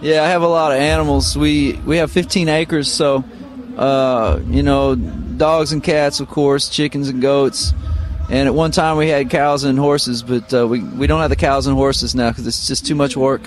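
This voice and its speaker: A middle-aged man from Missouri, a guitarist guest, telling relaxed, rambling stories full of fillers in an interview. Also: mid-range voice, normal speed, hardly any pauses. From Missouri, United States. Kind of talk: casual interview storytelling. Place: radio studio.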